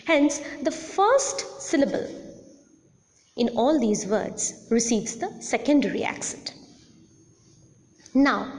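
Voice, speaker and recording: A woman teaching English word stress in a recorded lesson, speaking deliberately and repeating each example word clearly. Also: sits high, darkish tone, long reverb tail.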